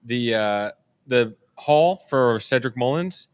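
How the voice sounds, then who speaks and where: A man's voice: mid-range voice, lively intonation, takes it slowly, clear, resonant tone. Matter-of-fact young man reading updates. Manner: matter-of-fact, reads out breaking news. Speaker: co-host reading news updates. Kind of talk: casual live-stream chat.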